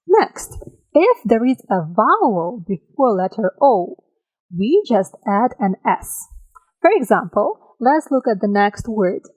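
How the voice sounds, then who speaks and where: Woman teaching english grammar real slow, drags out each example word, keeps asking right?. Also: fairly high pitch, very animated, husky, rough recording. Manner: slow, careful, drawn-out example words; checks in with listeners by asking "right?". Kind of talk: grammar lesson for learners.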